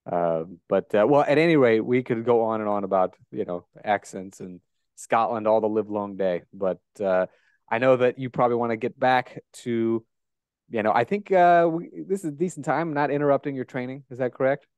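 A man's voice: medium pitch, moderate pace, clear, resonant tone, no room sound. A man hosting a podcast interview, chatting casually and rambling with lots of fillers. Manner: relaxed, rambling with many fillers. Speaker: podcast host.

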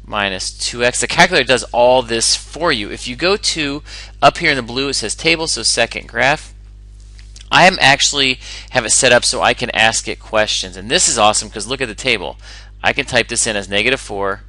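Male math teacher, bright and sharp tone, dry close recording, upbeat step-by-step explainer. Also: mid-range voice, no room sound, rough recording.

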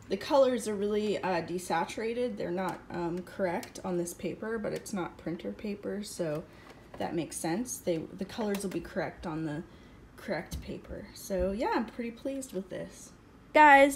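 A woman artist chatting casually in a home vlog, excitable and full of fillers, recorded on a phone in an apartment. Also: mid-range voice, slight background noise, rough recording. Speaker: artist vlogger.

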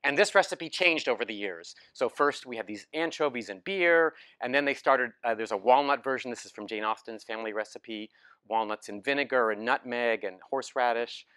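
A man's voice: mid-range voice, brisk, sharp tone, clean tone. A man giving a lecture with slides, telling it as a story in a casual way, with many ums and restarts. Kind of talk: academic talk with slides. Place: lecture hall.

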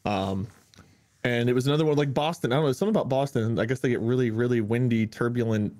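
A man's voice: mid-range voice, fast talker, dark tone. A man co-hosting a streamed podcast, telling an anecdote in casual chat and acting out the quotes with laughter. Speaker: podcast co-host.

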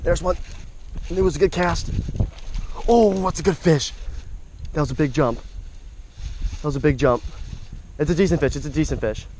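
Young dude narrating his fishing outdoors, kinda high voice, gets all hyped on every fish, action cam audio with a little hiss. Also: normal speed, long pauses, poor audio. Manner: excitable, exclaiming over each catch. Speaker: fishing vlogger. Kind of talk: casual outdoor commentary. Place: outdoors at a creek by a bridge. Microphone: action camera.

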